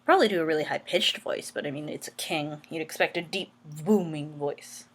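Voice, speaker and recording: A woman's voice: deep voice, a little fast. A woman reading an interactive story game aloud, breaking off into rambling, self-deprecating asides. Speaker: let's play player.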